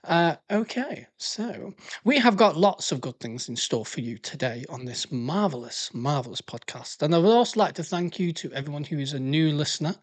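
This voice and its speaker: A man's voice: on the high side, expressive, normal speed. A man with a Northwest English accent hosting a podcast, rambling along in a sweary, jokey, casual chat. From Northwest England. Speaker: podcast host.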